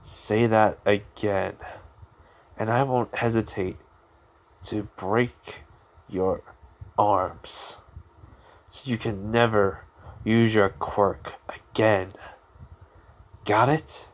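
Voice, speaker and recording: A man's voice: medium pitch, lively intonation, slow, long pauses. A man voicing a cocky young male villain student who taunts and threatens, with a smug, laughing manner. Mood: menacing.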